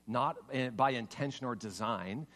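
A man's voice: mid-range voice, moderate pace, a bit bright, long reverb tail. A man pastor giving an earnest, conversational sermon, piling up short lists of words.

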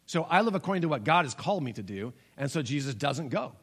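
A man's voice: a little high, sing-song, fast talker, fairly bright tone, husky. A man in his forties preaching a sermon as pastor, telling stories and acting out the voices in them. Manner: storytelling, acts out voices in quotes.

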